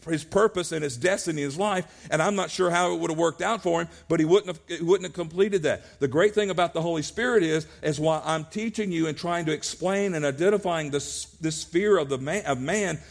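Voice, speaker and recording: A man's voice: on the high side, brisk, vocal fry, hardly any pauses. A male pastor preaching a sermon at a church service, earnest, often restarting his words.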